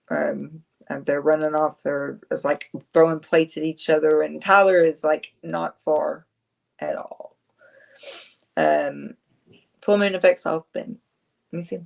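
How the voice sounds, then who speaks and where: A woman's voice: low voice, creaky, a little mellow. A woman, chatting casually on a livestream, rambling, answering viewers and laughing often. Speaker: livestream host.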